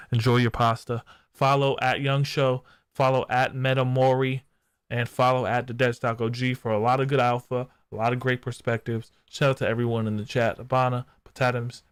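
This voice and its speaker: A man hosting a casual livestream podcast, bantering in hyped slang and shouting out the chat. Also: medium pitch, clean tone. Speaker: podcast host.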